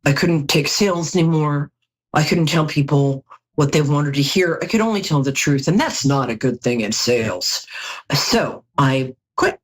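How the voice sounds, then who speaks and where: A woman's voice: low voice, expressive, moderate pace, husky. A middle-aged woman reading tarot cards on a live call-in show, chatty and jokey, with storytelling asides. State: tired from lack of sleep. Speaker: psychic tarot reader.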